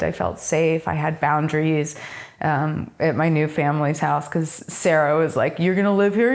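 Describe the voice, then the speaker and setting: A woman's voice: fairly low pitch, gravelly. A young adult woman in an interview, candidly and emotionally telling her life story in casual speech, often acting out what others said to her. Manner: candid, emotional storytelling, acts out quoted voices; casual with frequent fillers and swearing.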